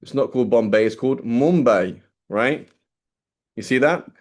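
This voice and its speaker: Speaking at a moderate pace, a man with a medium-pitched, darkish voice teaches a class. He keeps the lecture casual and chatty, often asking students questions and constantly checking in with "right?"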